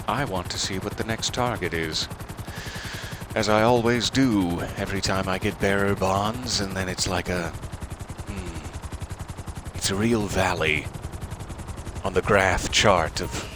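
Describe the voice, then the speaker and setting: A man's voice: deep voice, fairly even intonation, slow, pauses often. A man giving casual, playful gameplay commentary as a game streamer, chatting and joking. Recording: game gunfire noise behind.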